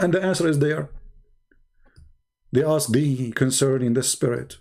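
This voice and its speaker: A man giving a mocking, challenging polemic monologue as a live-stream debater, swinging between slow low asides and exasperated outbursts. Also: gravelly, a little mellow.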